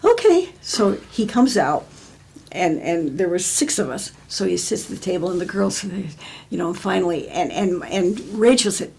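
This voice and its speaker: A woman's voice: lowish voice, big pitch swings, moderate pace, creaky, a little mellow, slight background noise. An older American woman telling stories in an oral history interview, rambling with many restarts.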